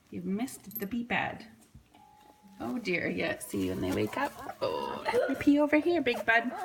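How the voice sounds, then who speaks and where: A woman's voice: mid-range voice, gravelly, noisy background. A woman breeder chatting to her puppies in cooing baby talk, laughing often, indoors at a whelping pen. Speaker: dog breeder. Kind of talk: casual vlog narration.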